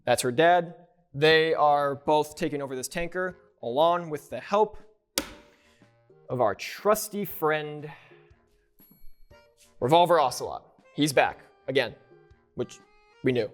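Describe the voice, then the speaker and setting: Rambling, higher-voiced man recapping game lore. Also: expressive, measured pace, long pauses, soft background music. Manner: rambling, self-correcting, loose and joking. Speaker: YouTuber.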